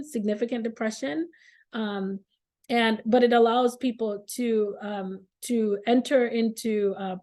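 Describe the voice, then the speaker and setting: A woman's voice: mid-range voice, dark tone. Earnest woman on a video call. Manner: earnest, many fillers. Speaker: guest surgeon. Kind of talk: virtual seminar talk.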